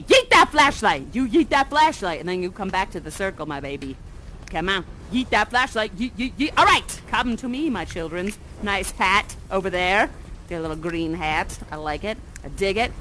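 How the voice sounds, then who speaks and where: Bubbly high-voiced woman, playfully dramatic. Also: bright, forceful tone, slight background noise, rough recording. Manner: playful, silly, theatrically dramatic. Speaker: immersive theatre actor. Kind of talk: interactive audience-guiding performance.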